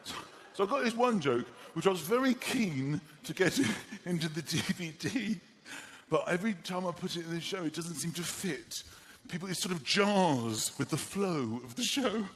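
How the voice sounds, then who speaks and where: Comic on a big stage, lively and bouncy, higher pitch, live audience noise. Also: male voice, normal speed. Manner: animated, acts out little scenes and voices. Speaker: comedian. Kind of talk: stand-up comedy. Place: large theatre stage.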